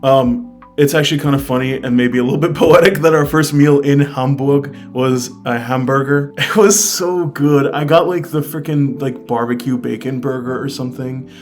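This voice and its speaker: With a medium-pitched voice at a moderate pace, an American man vlogs a travel review over faint guitar music. He chats casually and eagerly, pointing viewers toward recommendations and leaning heavily on "like" and "I mean."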